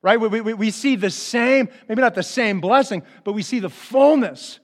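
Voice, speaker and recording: A man's voice: high voice, moderate pace. A man preaching a conversational sermon as pastor, acting out the speakers in the Bible stories.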